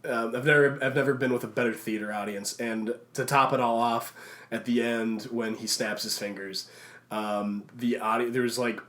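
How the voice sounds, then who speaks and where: A man co-hosting a relaxed podcast chat. He tells stories excitedly, rambling and doubling back over his words with lots of restarts. His voice sits in an ordinary middle pitch. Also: moderate pace. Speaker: podcast co-host.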